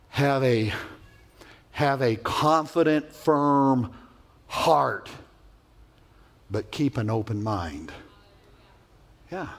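A man preaching a sermon as pastor, emphatic and animated, telling stories with vivid sound effects. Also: medium pitch.

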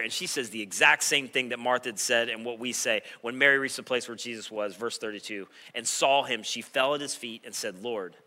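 Bright-voiced preaching man. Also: mid-range voice. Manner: builds from quiet reflection to loud, impassioned preaching. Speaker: pastor. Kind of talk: sermon.

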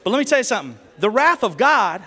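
A man preaching a sermon in church, animated and joking as he tells stories and asks the crowd questions. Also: very high voice, fast talker, big-room sound.

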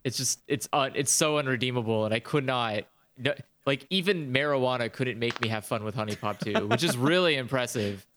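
A man's voice: medium pitch, fairly quick, noisy background. A man in casual chat about video games, ranting animatedly and swearing a lot.

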